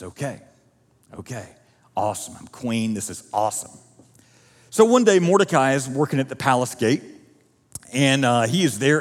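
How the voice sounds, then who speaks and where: A man preaching a sermon as pastor, telling the story with lively acted-out dialogue. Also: medium pitch, long reverb tail. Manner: animated storytelling, acting out quoted voices. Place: church auditorium.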